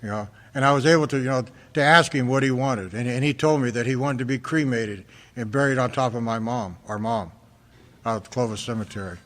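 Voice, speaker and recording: A man's voice: mid-range voice, fairly bright tone. Earnest man talking in an echoing hall. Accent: American. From Fresno, California. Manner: earnest, halting, with frequent restarts and repeated words. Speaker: recovery meeting speaker. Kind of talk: personal testimony talk. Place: large hall at a convention. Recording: reverberant hall recording.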